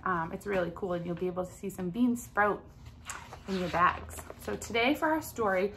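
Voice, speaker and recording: A woman preschool teacher leading a recorded circle time for small children at home, drawing out sounds in a slow, exaggerated sing-song way. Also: medium pitch, fairly bright tone, a little hiss or hum.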